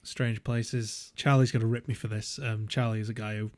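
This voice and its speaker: A man's voice: lowish voice, flat delivery, normal speed. A young man, co-hosting a podcast and telling rambling stories in a casual chat, full of "um"s and swearing. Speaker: podcast co-host.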